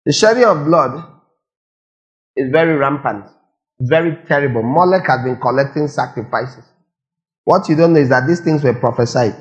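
A man's voice: a little high, animated, normal speed, long pauses, highs cut off. A man preaching a sermon, firing rhetorical questions and repeating lines for emphasis. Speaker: pastor.

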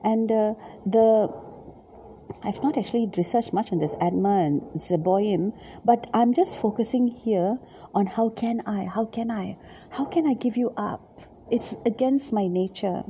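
Gentle and halting, a woman Bible teacher guides a devotional reflection on Scripture, repeating words frequently and occasionally dropping to a soft whisper. Her voice is deeply mellow and dark in tone, and a faint noise lies underneath.

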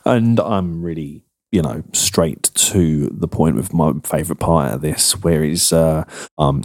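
A man co-hosting a podcast, giving measured, thoughtful critique with a few fillers. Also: extremely low pitch, a little mellow, dry recording, clean studio sound. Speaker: podcast co-host. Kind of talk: analytical music discussion.

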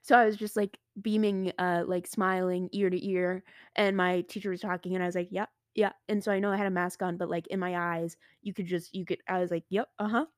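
A teenage girl hosting her own podcast, talking casually and excitedly with lots of "like" and "I was like", recorded close and dry. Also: lowish voice, brisk, no room sound. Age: teens. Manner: chatty and excitable, heavy use of "like" and "I was like". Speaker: podcast host. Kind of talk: casual solo podcast monologue.

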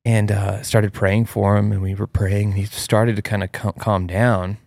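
Low-voiced man telling a story, animated. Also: normal speed, vocal fry, no echo, studio quality. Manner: animated, acts out his child's cries in a high voice. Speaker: host. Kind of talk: casual storytelling chat.

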